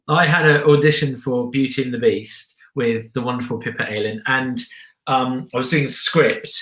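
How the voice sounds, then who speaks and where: A man hosting a casual interview over a video call, eager and quick to agree. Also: mid-range voice, a bit bright. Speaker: host. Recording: echoey room.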